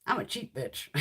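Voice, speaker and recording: A woman in her fifties chatting casually on a makeup livestream, telling stories bluntly and swearing freely. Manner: blunt, profane, animated storyteller. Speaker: beauty YouTuber. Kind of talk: casual livestream chat while swatching makeup.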